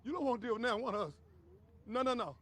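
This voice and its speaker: Shouting older activist man. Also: very high-pitched, quick pace. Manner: shouting, fervent, repeats himself. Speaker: community activist. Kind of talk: protest speech.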